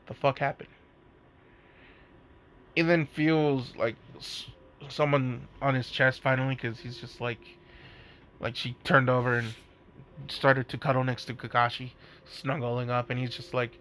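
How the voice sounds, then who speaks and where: A man's voice: medium pitch, flat delivery, unhurried, pauses often, a bit bright, a little hiss or hum. A man casually telling a fan-made story, rambling with lots of fillers and asides. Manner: rambling, filler-heavy, amused.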